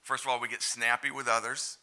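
A male pastor giving an animated, conversational sermon and asking the congregation direct questions. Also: mid-range voice, brisk.

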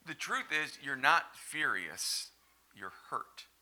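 A man preaching a sermon as pastor, stressing words hard and then dropping to hushed, low lines. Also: sing-song, slow.

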